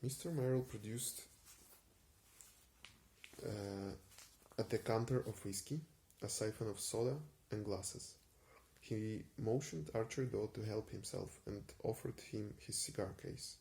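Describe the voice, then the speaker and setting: Gravelly low-voiced man reading softly. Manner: soft, unhurried reading with frequent hesitations. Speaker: reader. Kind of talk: ASMR story reading.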